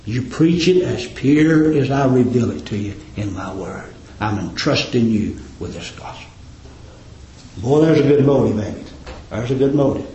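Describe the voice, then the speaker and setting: A man preaching a sermon, fervently rising to emphatic peaks and dropping to quiet endings. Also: mid-range voice, animated, normal speed, reverberant, muffled recording, a little hiss or hum. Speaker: pastor. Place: church.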